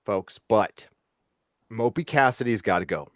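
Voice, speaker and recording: A man's voice: lowish voice, a little slow, dry recording, studio quality. A man co-hosting a casual review chat, giving blunt opinions and addressing his audience directly. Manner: opinionated, talks straight to the audience. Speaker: podcast co-host.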